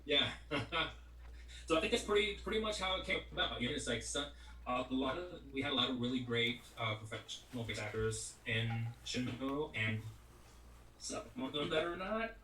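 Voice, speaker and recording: His voice is medium-pitched, pushed and bright, with lively intonation at a moderate pace. A middle-aged voice actor guest, he chats casually and rambles in the interview with lots of "you know what I mean," recorded echoey and distant with faint music.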